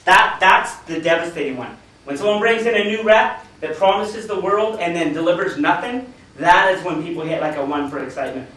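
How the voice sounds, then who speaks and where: A man's voice: high-pitched, lively intonation, brisk, a bit bright. A man giving a motivational business seminar to a room, telling stories animatedly and acting out the people he quotes. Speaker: business opportunity speaker. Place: meeting room with an audience. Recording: echoey room, distant mic.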